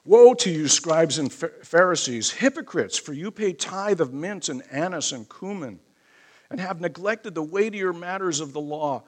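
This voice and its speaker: Guy preaching a sermon, kinda high voice, gets loud on the scripture parts. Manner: booming scripture reading, softening into emotional asides. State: choked up.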